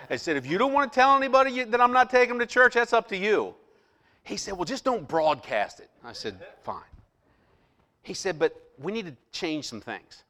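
A middle-aged man, a pastor, telling a personal story in a sermon, quoting others and dropping into a hushed voice for inner thoughts. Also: fairly high pitch. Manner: animated storyteller, drops to hushed voice for quoted lines.

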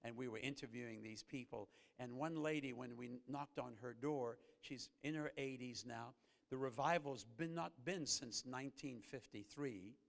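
A man preaching a sermon as a guest pastor, earnest, rising to emphatic peaks and then dropping low and slow. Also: gravelly. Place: church sanctuary. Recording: reverberant church hall.

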